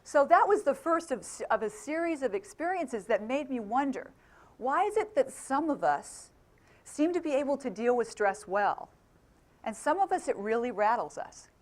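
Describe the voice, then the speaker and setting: A middle-aged woman gives a motivational talk, with a fairly high voice. She keeps the room involved, throwing questions at the audience and laughing easily. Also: big pitch swings, normal speed. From England. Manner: engaging, asks the audience questions, laughs often. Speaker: motivational speaker.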